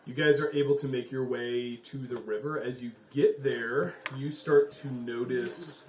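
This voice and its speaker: A man's voice: mid-range voice, steady tone, measured pace, slight background noise. A man narrating a tabletop game as game master, in loose narration full of fillers. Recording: echoey room, mic far off.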